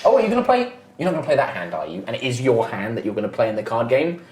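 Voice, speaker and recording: A man's voice: mid-range voice, big pitch swings, rapid-fire, darkish tone, roomy sound, close to an everyday voice. A man voicing a teasing young female guard who mocks in a sing-song way.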